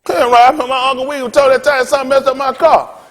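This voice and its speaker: A man's voice: very high-pitched, flat delivery, quick pace, fairly bright tone, a little hiss or hum. A male pastor preaching a blunt, profane sermon, telling stories with laughter. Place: synagogue hall. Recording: long hall reverb.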